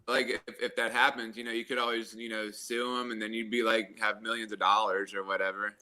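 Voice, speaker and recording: A man's voice: lowish voice, level tone, brisk, bright, forceful tone. A man in a casual chat, speaking hesitantly with stumbles.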